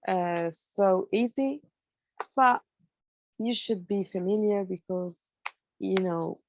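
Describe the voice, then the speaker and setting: A woman's voice: mid-range voice, gravelly, a little mellow, no echo, lo-fi sound. Woman teaching English grammar. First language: Arabic. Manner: explains in English mixed with Arabic, many fillers. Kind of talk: online lecture.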